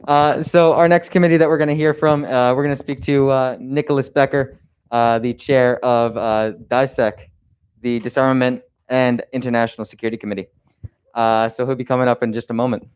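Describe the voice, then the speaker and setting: A young man as conference organizer, giving a closing ceremony speech in an earnest, halting way with many restarts. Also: medium pitch, fairly even intonation, a little mellow, clear, resonant tone. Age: young adult.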